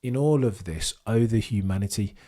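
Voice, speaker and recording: Man, low-ish voice, livestream race commentary, verbose and animated. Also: moderate pace. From Britain. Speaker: F1 livestream host. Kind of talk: live watchalong commentary and chat reading.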